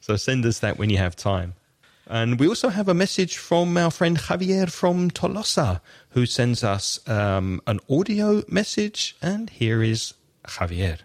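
A man's voice: medium pitch, big pitch swings, unhurried. A man co-hosting an English-learning podcast, explaining grammar in a patient teacherly way. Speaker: podcast co-host.

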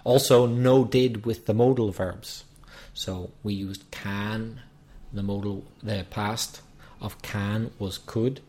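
A man's voice: on the low side, steady tone, takes it slowly, darkish tone. A man co-hosting an English lesson podcast, patiently explaining meanings step by step. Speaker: co-host teaching English.

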